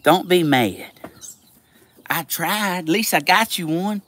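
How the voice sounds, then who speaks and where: A man chatting casually outdoors by his animal pens, slow and doting, slipping into baby-talk with his animals. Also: sits high, animated. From Southern United States. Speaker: vlogger. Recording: loud outdoor background noise. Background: chickens clucking and roosters crowing.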